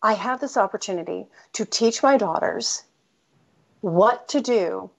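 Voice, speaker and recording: A gravelly, medium-pitched woman with lively intonation speaks in an unhurried way. As a middle-aged American author and interview guest, she tells a personal story candidly and emphatically, often breaking off and restarting her sentences, over dull lo-fi audio.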